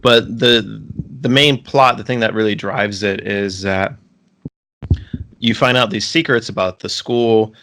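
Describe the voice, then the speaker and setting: Low-voiced man rambling in casual chat. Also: fairly even intonation, a little slow, a bit bright. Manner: rambling, many restarts and "like" fillers. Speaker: podcast co-host.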